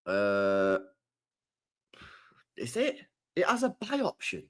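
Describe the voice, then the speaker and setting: A man's voice: on the low side, huge pitch swings, slow pace, a bit bright. A man hosting a live stream, ranting about football in a repetitive, slangy, sweary way. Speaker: streamer host.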